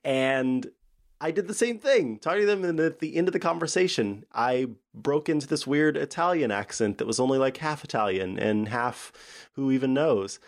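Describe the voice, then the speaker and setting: A playful man co-hosting a relaxed podcast chat, laughing often and sometimes slipping into silly voices. His voice has a gravelly edge at an ordinary pitch. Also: normal speed. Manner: playful, giggly, drifts into joking voices. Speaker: podcast co-host. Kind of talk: casual chat.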